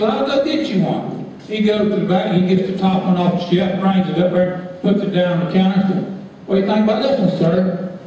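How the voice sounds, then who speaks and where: A man telling a folksy story to a live crowd, animated and laughing as he goes. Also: sits high, a little hiss or hum. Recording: echoey hall from far off.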